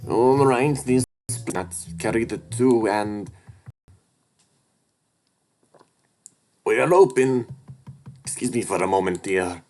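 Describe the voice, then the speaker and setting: A man's voice: mid-range voice, takes it slowly, warm tone, voice pushed up, lightly acted. A man voicing a small, elderly, winged female shopkeeper creature in a tabletop game, a chatty, pushy matchmaker in her sixties. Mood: brisk. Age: 60s. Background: clear background music.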